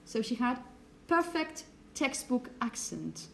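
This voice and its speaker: A woman's voice: on the high side, slow, vocal fry, rough recording. Woman lecturing with faint background hiss. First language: Spanish. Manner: relaxed, hesitant, frequent "okay?" checks. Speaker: teacher. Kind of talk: recorded lecture.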